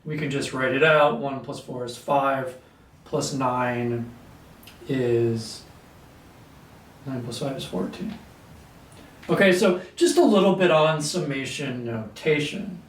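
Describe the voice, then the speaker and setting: A man teaching a calculus lesson at a whiteboard, clearing his throat often and talking through steps with fillers. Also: mid-range voice, slow pace, long pauses. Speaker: math teacher. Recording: echoey room, mic at a distance.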